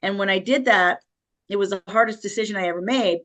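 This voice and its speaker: A woman's voice: mid-range voice, a little fast, a bit bright. A middle-aged woman, an interview guest, telling her life story with emotion and nervous laughter. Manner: emotional, vivid retelling with quoted voices and nervous laughs.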